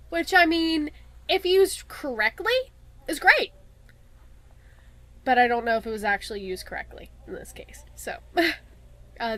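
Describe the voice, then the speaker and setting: Young woman, slightly high voice, let's-play host; reads in-game documents aloud, chatty and wry, breaks off for side comments. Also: animated, measured pace, pauses often, a bit bright. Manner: chatty and wry, breaks off into asides while reading. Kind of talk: casual gameplay commentary, reading in-game letters aloud.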